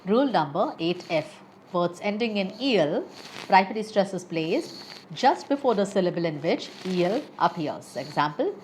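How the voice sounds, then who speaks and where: A woman teaching English pronunciation, reading rules and then lists of example words slowly and carefully, with an Indian English accent. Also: mid-range voice, animated, a little mellow, slight background noise. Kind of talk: slow, carefully paced pronunciation lesson.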